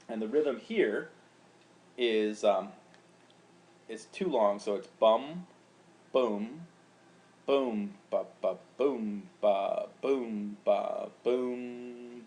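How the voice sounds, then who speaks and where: A man's voice: mid-range voice, a little mellow. A man teaching, explaining grammar patiently and chanting out rhythms syllable by syllable. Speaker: Latin teacher. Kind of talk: recorded lecture.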